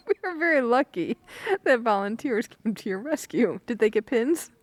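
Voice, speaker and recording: A woman's voice: on the high side, expressive, moderate pace, no room sound. A woman co-hosting a casual chat, reacting with laughs and then describing a route step by step. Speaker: podcast co-host.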